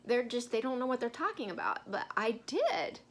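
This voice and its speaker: A woman's voice: fairly high pitch, very animated, moderate pace. A woman co-hosting a casual Bible-study chat, telling stories in a rambling way with many fillers. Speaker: co-host.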